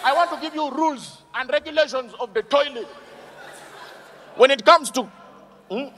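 A man doing an animated stand-up comedy routine, shouting his punchlines and acting out characters. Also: extremely high pitch, normal speed. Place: live comedy stage. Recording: live stage with audience noise.

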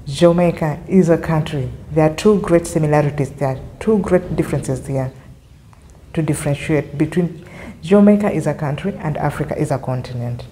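Low, mellow-voiced woman commentator. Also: moderate pace, a little hiss or hum, low-quality recording. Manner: explanatory, repeats points to clarify. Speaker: reaction video host. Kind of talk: commentary on a video clip.

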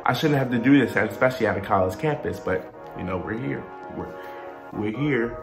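A young man vlogging, telling a story with animated, exasperated delivery. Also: medium pitch, normal speed, vocal fry, over music. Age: young adult. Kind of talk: storytime vlog. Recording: roomy echo.

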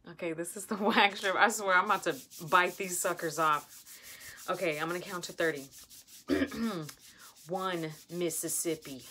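A woman's voice: lowish voice, measured pace, long pauses, bright, forceful tone, a little hiss or hum. A woman vlogging at home, nervously exclaiming and giggling as she reads product instructions aloud. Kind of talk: casual vlog, reading product instructions aloud.

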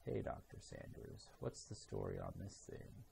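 A man's voice: low-pitched, moderate pace, creaky, warm tone, slight background noise. A man reading aloud, voicing a gloomy, grumbling young ghost ninja in a storybook. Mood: glum.

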